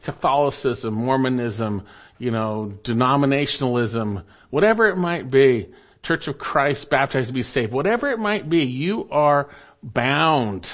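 A male pastor delivers a sermon in an earnest, measured way. His voice sits at an ordinary middle pitch. He slows for emphasis and lets his phrases fall quiet at the ends. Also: lively intonation.

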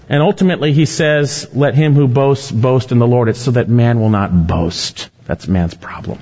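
A pastor preaching a sermon with emphatic rises and falls, slowing down on key words. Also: male voice, a little mellow. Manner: emphatic preaching, swelling and dropping in pitch and volume. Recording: long reverb, dull lo-fi sound.

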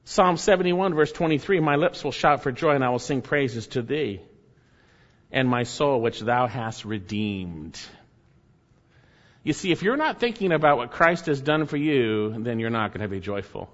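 A man's voice: medium pitch, big pitch swings, normal speed. Man preaching emphatically in a reverberant hall. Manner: emphatic preaching with many repeated phrases. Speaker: pastor. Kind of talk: sermon. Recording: muffled sound with long hall reverb.

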